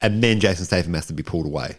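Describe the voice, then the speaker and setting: A man's voice: low-pitched, very fast. A man co-hosting a movie review podcast, laid-back and joking, half sarcastic. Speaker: podcast co-host. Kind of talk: casual movie review chat.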